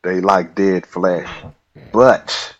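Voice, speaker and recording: A man from Nebraska, a podcast guest, telling a story in an animated way, laughing often and acting out the dialogue. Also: deep voice, extremely slow, low-quality recording. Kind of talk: casual storytelling.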